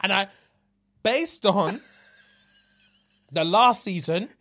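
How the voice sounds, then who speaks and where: This London man's voice sits high and moves very slowly as he co-hosts a podcast. Chatting casually, he tells a story with animation, acting out what people said in changing voices and swearing a lot.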